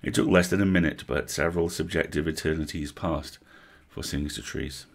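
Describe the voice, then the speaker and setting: A man reading a storybook aloud on a livestream, with vivid, animated narration. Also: very deep voice, normal speed, creaky. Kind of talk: expressive book reading.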